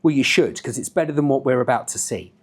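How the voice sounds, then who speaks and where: A man's voice: medium pitch, fast talker, lightly acted. A man doing a wry, scornful young critic.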